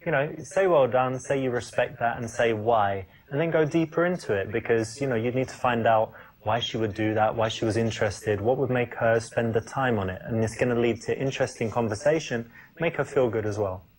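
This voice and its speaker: A man's voice: mid-range voice, brisk, lightly acted, poor audio. A confident dating coach, played by a man in a video game. He gives advice in a plain, matter-of-fact way. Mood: instructive. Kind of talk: instructional commentary in a game.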